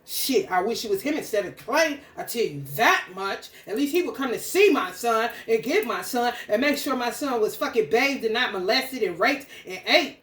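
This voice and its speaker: A woman's voice: on the high side, expressive, moderate pace, hardly any pauses, fairly bright tone, roomy sound. A woman ranting angrily, confrontational and full of swearing. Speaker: spiritual content creator. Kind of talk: profane stream-of-consciousness rant.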